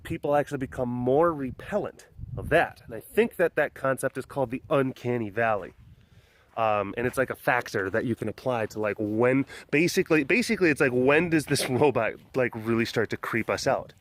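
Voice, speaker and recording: A man hosting a casual walk-and-talk vlog around an outdoor animal compound, filming on a handheld phone, chatty and rambling, with bursts of excitement. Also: mid-range voice, a little fast. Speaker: big cat sanctuary keeper and vlogger.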